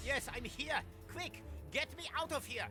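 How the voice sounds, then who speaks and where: Trapped guard w/ german accent, strained urgent voice, music behind. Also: male voice, extremely high pitch, measured pace. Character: male prison guard trapped below.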